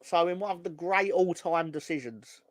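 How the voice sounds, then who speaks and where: A man's voice: sits high, moderate pace, no room sound. A man co-hosting a casual football fan show, rambling and sardonic, swearing freely. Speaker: football podcast co-host.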